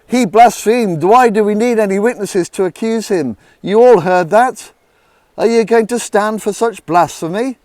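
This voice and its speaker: A man voicing a furious, commanding male high priest in a Bible story reading. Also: measured pace, no echo. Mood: outraged. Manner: shouting, outraged accusations.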